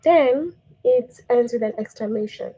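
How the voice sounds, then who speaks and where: A woman's voice: a little high, measured pace, dark tone, breathy edge, low-quality recording. A woman teacher giving a patient grammar lesson to young children, checking in with "okay?" and reading example sentences aloud.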